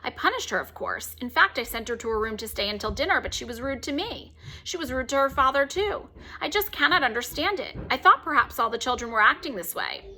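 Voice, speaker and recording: Fretful proper mother, read by a woman; earnest, bright. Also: high-pitched, animated, a little fast, a little hiss or hum, heavily acted. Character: worried, proper young mother.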